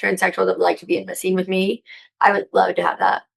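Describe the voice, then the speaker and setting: Female interview guest, gravelly tone, excitable and profane, rambling delivery. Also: medium pitch, fast, low-quality recording. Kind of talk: casual interview chat.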